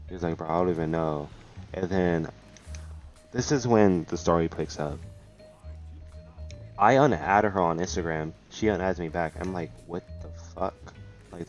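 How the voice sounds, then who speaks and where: Young man, very low voice, storytime vlogger; loose and rambling, slang-heavy, faint music underneath. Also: normal speed, long pauses, darkish tone. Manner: rambling, full of restarts and slang. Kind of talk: casual storytelling.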